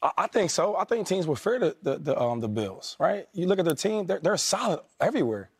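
Former football player as sports analyst: husky, animated, slightly high voice. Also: male voice, brisk. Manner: animated, emphatic, talks over others. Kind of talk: sports debate show.

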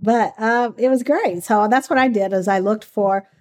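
A medium-pitched, slightly mellow female voice moves at a moderate pace. The speaker, a former undercover agent from the American South, chats openly about her work in an interview, laughing easily as she tells her stories.

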